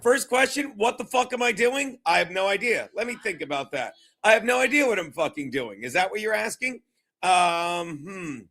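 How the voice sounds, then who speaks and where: A man's voice: high voice, expressive, moderate pace, pushed and bright, full character voice. A man doing an impression of a stubborn older male football coach who mocks himself in a dazed, profane way. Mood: bumbling. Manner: dazed, profane self-mockery.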